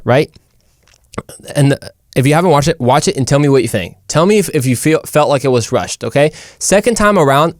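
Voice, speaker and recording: A man's voice: on the high side, a little mellow, no room sound, studio quality. An American man hosting a casual, jokey motivational talk in a playful voice. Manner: playful, jokey, uses silly voices and whispers. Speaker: host.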